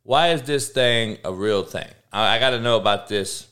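A man's voice: on the low side, normal speed, fairly bright tone. Profane slangy podcast host man. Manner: profane, slangy, talks back to chat. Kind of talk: casual live-stream chat.

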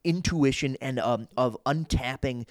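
A young man talking casually as a guest on a podcast, animated and full of quoted bits. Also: medium pitch, measured pace. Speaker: guest impressionist and comedian.

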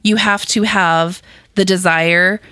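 A woman's voice: on the low side, slow pace, clear, resonant tone, dry recording, clean studio sound. A woman in her thirties co-hosting a casual podcast, telling stories with frequent laughter. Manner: laughs often, lively storytelling. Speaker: podcast co-host. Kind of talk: casual chat.

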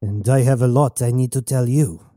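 A man voicing a brooding, hurt male space traveler who speaks in a subdued, low, quiet way in a radio drama. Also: fairly even intonation, normal speed, dry recording, clean studio sound, faint music behind, lightly acted. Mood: calm.

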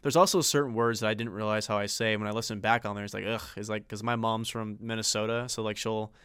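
A man's voice: fairly low pitch, steady tone, quick pace, a bit bright, smooth, no room sound. A man co-hosting a podcast in casual, rambling chat, leaning on filler words. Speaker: podcast co-host.

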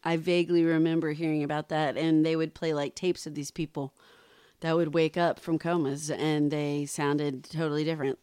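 A woman co-hosting a podcast, chatty and animated, quick to laugh. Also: deep voice, clean tone, dry recording, clean studio sound. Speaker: podcast co-host. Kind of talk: casual podcast chat.

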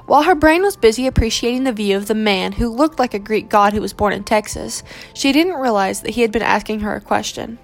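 A woman reading a romance novel aloud in steady, measured narration. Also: fairly high pitch, soft background music.

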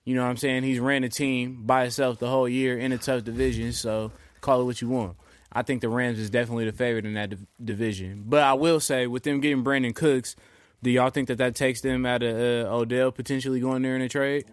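A man's voice: mid-range voice, level tone, fast talker, smooth, no room sound. A man hosting a casual sports podcast, slangy and profane, who keeps checking in with "you feel me" and "you know what I'm saying.". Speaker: podcast host.

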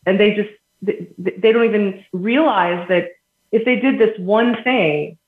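Unhurried and mid-range in voice, a woman interviewed on a podcast lays out earnest explanations with everyday examples, laughing as she moves between points. Her audio comes through an echoey phone-quality line.

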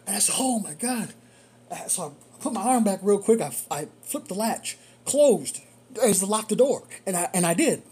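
Husky-voiced driver telling a story. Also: medium pitch, normal speed. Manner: animated, repeats phrases for emphasis. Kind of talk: casual storytelling monologue.

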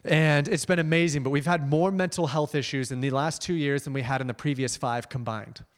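Animated young man preaching in a hall. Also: a little high, a little fast. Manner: animated, swings between bright emphasis and quiet asides; casual, with fillers and restarts. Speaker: missions base leader, guest preacher. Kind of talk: conversational sermon. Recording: long hall reverb.

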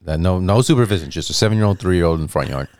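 Deep-voiced man telling a rambling story. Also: racing, no room sound, studio quality. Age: 30s. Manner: rambling, animated, acts out voices in quotes. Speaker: comedian guest. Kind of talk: casual storytelling anecdote.

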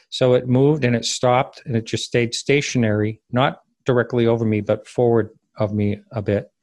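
A man recounting a personal story as an interview guest, rambling and halting and often correcting himself. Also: medium pitch, darkish tone, no echo. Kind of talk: casual spoken recollection.

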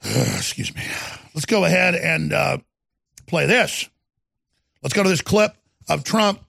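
A middle-aged man hosting a talk show, ranting about politics with sneering, loud bursts of emphasis. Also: very animated, gravelly, breathy edge, no echo, clean studio sound. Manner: fast product pitching.

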